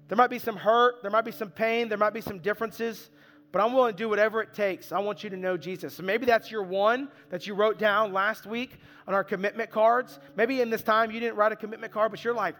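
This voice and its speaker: A pastor preaching a sermon to his congregation, speaking in a conversational, earnest way and poking fun at himself. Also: sits high. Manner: conversational, earnest, self-deprecating. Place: church sanctuary. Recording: reverberant hall with soft music.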